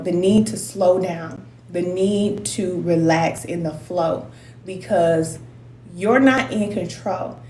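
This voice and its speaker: A woman's voice: medium pitch, dark tone. A woman in her forties, a spiritual advisor, chatting casually and at length on a livestream and reading out viewer comments. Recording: roomy sound with faint noise.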